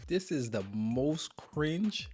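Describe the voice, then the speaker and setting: A man's voice: on the high side, expressive, slow, darkish tone. A man hosting a reaction video, adding wry, mocking comments between the clips.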